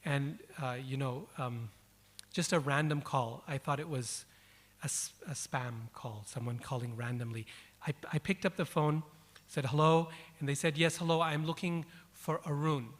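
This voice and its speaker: A man delivers a devotional lecture in a storytelling way, repeating words for emphasis. His voice sits at an ordinary middle pitch. A long reverb from the hall trails behind him. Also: moderate pace. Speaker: speaker. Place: event hall.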